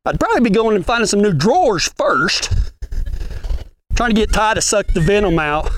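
A man's voice: high-pitched, very animated, moderate pace, fairly bright tone, a little hiss or hum. A man preaching a folksy sermon at a ranch gathering, asking the room questions as he goes.

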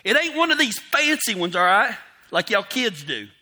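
With big pitch swings in a high, pushed, bright voice, a man rambles through self-mocking stories for an audience at a moderate pace. It's casual storytelling, and he acts out his inner voice in quotes.

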